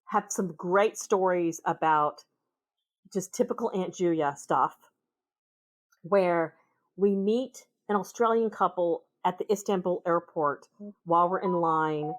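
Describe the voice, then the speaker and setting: Woman with a Minnesota accent, chatty guest, animated anecdote-teller. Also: fairly low pitch, a little slow. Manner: animated, acts out voices in her anecdotes. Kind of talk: casual storytelling conversation.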